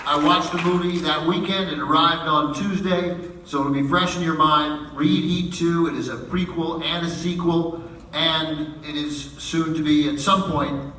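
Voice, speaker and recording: A man moderates on a theater stage, upbeat and padding his lines with fillers. His slightly high voice reaches the mic from a distance, in a roomy hall with audible noise. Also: steady tone, measured pace, pushed and bright. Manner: enthusiastic, filler-heavy. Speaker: event moderator. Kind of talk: stage introduction.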